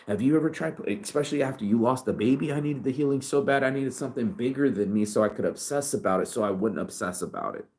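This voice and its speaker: A man's voice: medium pitch, fast, hardly any pauses, darkish tone. A man in his forties giving a raw, emotional vlog monologue full of swearing and stumbling, repeated words. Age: 40s. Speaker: vlogger and shirt brand owner.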